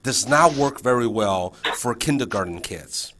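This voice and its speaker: A man's voice: medium pitch, animated, unhurried, background noise. A man training a new teacher in a casual session, checking in often with frequent fillers and restarts.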